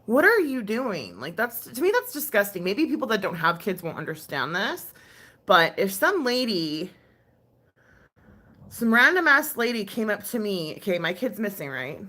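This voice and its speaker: A woman's voice: medium pitch, very animated, normal speed, pushed and bright. A woman ranting casually on a stream, exasperated and full of sighs, fillers and swearing. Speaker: ASMR creator ranting on a live stream. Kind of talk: casual rant.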